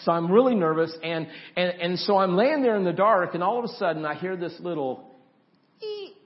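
Pastor telling a story in a sermon. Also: male voice, high voice, a little fast, lo-fi sound. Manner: storytelling, builds up tension then softens to a gentle invitation.

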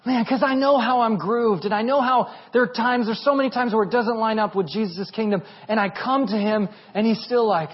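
A high-voiced man in his thirties delivers a lively, humorous sermon, jumping between teaching and family stories. The recording sounds dull and muffled. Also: fairly quick, hardly any pauses, husky. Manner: animated, humorous storytelling. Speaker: pastor.

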